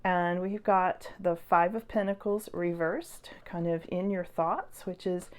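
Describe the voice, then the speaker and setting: A woman giving a casual tarot reading to her viewers, chatty and encouraging, with many fillers and soft laughs. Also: on the low side, a little slow. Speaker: tarot reader.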